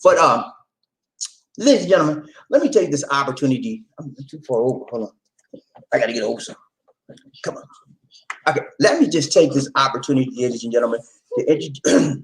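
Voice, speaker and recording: A woman hosting a casual chat, telling a story in an animated way with laughter. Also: very deep voice, fairly quick, long pauses, poor audio. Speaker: host.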